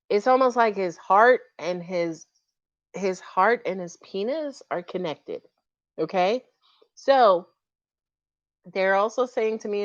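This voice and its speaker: A woman's voice: fairly low pitch, dry recording, highs cut off. A woman giving a casual tarot reading to viewers. She is chatty, frank and playful, and she swears freely. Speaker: tarot reader.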